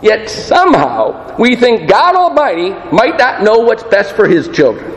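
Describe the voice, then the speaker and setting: A man preaching a sermon, emphatic, with rhetorical questions and slow, dramatic pauses. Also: sits high, huge pitch swings. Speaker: pastor. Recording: roomy hall reverb.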